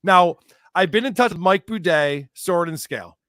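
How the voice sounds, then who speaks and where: Animated sarcastic man, dry mic. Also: sits high, moderate pace, no room sound. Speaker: podcast guest. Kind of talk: casual podcast chat.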